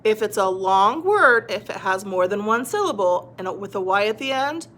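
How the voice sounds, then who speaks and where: A woman's voice: mid-range voice, expressive, moderate pace, a bit bright. A woman teaching a phonics lesson to young children, patiently sounding words out and cheering them on. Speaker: reading teacher.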